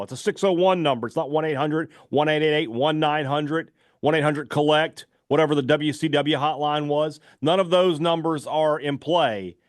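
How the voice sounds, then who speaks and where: A sports talk radio host reads sponsor ads live in a loose, chatty style packed with fillers. His voice sits a little high, and the clean studio recording has no echo.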